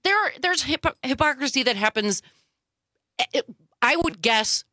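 A woman's voice: sits high, expressive, moderate pace, sharp tone, no room sound, clean studio sound. A woman co-hosting a political talk show, speaking in an emphatic, indignant and sarcastic way. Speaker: co-host.

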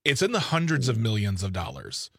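A man hosting a political talk radio show, measured and informative as he points listeners to resources. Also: fairly low pitch, huge pitch swings, fairly bright tone, dry recording. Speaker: radio host.

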